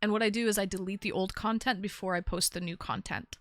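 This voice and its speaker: Woman streamer, casual rambling chat, mid pitch, dry close sound. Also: fairly even intonation, fast, dry recording. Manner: chatty, rambling, reads chat aloud. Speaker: streamer hosting a call-in show.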